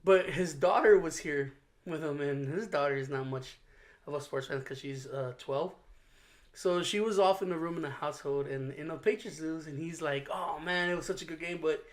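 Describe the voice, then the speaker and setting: Casting: podcast co-host, man, high voice, lively storyteller. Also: normal speed. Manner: animated storyteller, laughs often. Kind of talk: casual chat.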